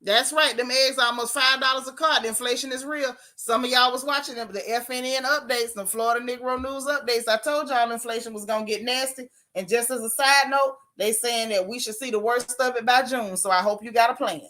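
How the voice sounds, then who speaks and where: A woman giving sassy, animated gossip commentary as a YouTube host. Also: a little high, brisk, few pauses.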